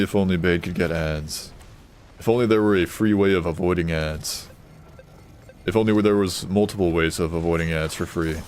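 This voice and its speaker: A man's voice: sits low, darkish tone, a little hiss or hum. A man streaming a game, casually chatting and joking with his chat while playing. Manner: joking, reading chat aloud, offhand. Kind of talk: casual gaming stream commentary.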